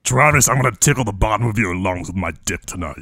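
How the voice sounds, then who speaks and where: Guy doing a dumb crude demon, low-ish voice with a buzzy doubled overtone, dry close sound. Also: animated, fast talker, sharp tone, no echo, exaggerated voice. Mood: taunting. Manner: slightly deepened voice with a doubled overtone. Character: stupid mocking male demon, taunting and crude. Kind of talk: comedy podcast banter.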